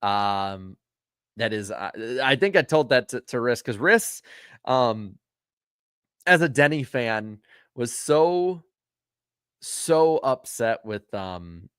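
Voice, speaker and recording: Man, livestream host, casual rambling chat, lots of ums and uhs, medium pitch, dry sound. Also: big pitch swings, slow, pauses often, fairly bright tone, clean tone, no echo. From Florida. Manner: rambling, filler-heavy, with frequent ums and uhs; firm when scolding rude viewers. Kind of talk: casual livestream chat, reading viewer comments.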